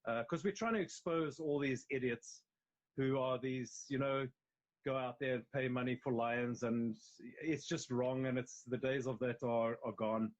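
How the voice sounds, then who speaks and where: Speaking a little slowly in a steady, mid-range voice, a South African man, an actor, chats informally during a live interview. He's at home on a video call, and the phone live stream gives low recording quality. He rambles emphatically and keeps restarting his sentences.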